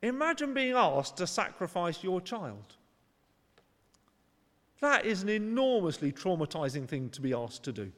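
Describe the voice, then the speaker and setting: Expressive male preacher in a reverberant church. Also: sits high, normal speed, pauses often. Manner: earnest, conversational, acts out voices for emphasis. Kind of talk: sermon.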